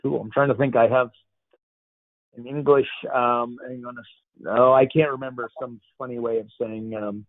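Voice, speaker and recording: A man's voice: medium pitch, flat delivery, normal speed, dry recording. A man hosting a casual question-and-answer session on a video call, upbeat and chatty with loose slang. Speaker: host. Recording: tinny dry call audio.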